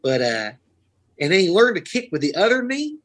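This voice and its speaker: A man's voice: high voice, huge pitch swings, normal speed, fairly bright tone, poor audio. A man from Florida, a podcast host telling rambling, profane stories in casual chat. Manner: rambling, profane, laughing storyteller.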